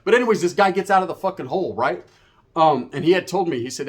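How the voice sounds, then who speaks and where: A man's voice: on the high side, expressive, fast talker. A man casually telling a story from his time in prison, in profane street slang and with knocking sound effects. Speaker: storyteller recounting prison life.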